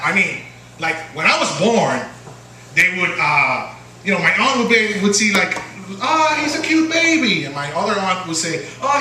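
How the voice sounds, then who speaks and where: In a slightly high voice, a man from Puerto Rico performs a playful stand-up set in a small bar, ribbing the audience in Puerto Rican Spanish. Crowd laughter fills the noisy background of the distant, echoey recording.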